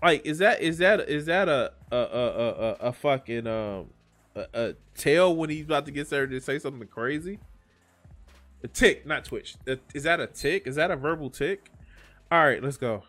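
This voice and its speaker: Guy streamer reacting to a video, kinda high voice, swears a lot, trails off and restarts, faint music in the back. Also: lively intonation, moderate pace, fairly bright tone. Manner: rambling, swearing, joking, many restarts. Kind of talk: reaction commentary.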